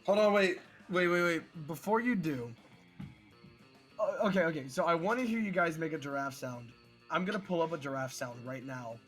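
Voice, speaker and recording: Brief: lively bright man gamer, takes charge, faint music under him. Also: fairly high pitch, moderate pace. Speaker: streamer running a stream mini-game. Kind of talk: casual gaming chat.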